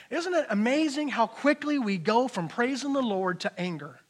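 A middle-aged male pastor preaching a sermon, telling stories with big swings from shouting to hushed speech. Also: very high-pitched, animated, moderate pace, hardly any pauses, slightly rough.

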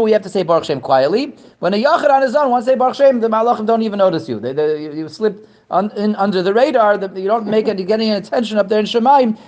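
Halting man teaching a Torah class. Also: darkish tone. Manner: halting, repeats words, rises in pitch to stress points.

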